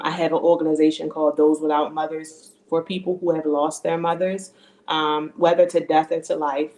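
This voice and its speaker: Low, flat-voiced woman grief coach. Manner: steady, with frequent "um" fillers. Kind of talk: explaining her work in an interview. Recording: roomy echo.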